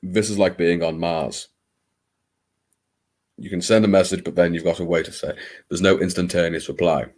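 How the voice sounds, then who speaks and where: A man from Liverpool with a low, bass-heavy voice hosts a small-hours live stream. He chats with his viewers in a wry, theatrical way, mocks himself freely and swears without fuss. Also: steady tone, moderate pace, pauses often, darkish tone. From Liverpool, England. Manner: wry, theatrical, self-mocking, swears casually. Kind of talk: late-night live stream chat with viewers.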